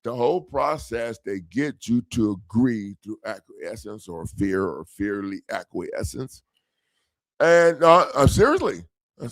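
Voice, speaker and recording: Animated gravelly man telling a story. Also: medium pitch, measured pace, dry recording. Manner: animated, profane, laughing, acts out quoted voices. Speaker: legal self-help coach. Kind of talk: casual storytelling monologue.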